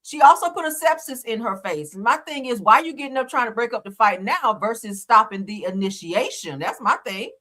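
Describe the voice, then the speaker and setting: A woman's voice: fairly high pitch, animated, a little fast, few pauses, sharp tone. A woman hosting a live reality TV commentary stream, chatty, slangy and opinionated. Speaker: channel host. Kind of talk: casual reality TV commentary livestream.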